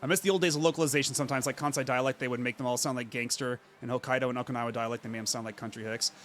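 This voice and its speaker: A man's voice: medium pitch, steady tone, racing, fairly bright tone, slight background noise. A man streaming a game, chatting casually in a rambling, filler-heavy way. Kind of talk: casual gaming commentary.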